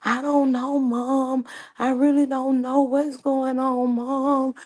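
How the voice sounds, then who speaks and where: A woman puts on a meek, flustered young man, pitched high and pleading. He stammers and hesitates, helpless and confused. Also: little pitch movement, slow, darkish tone, no echo, clean studio sound.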